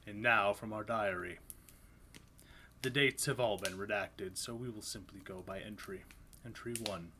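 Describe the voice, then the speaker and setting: A man with a low voice reads horror fiction aloud in a live session. His tone is forceful and bright, steady and sober, and a faint hiss sits under the recording. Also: measured pace. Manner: steady, sober read with occasional asides. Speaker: live reader of horror stories.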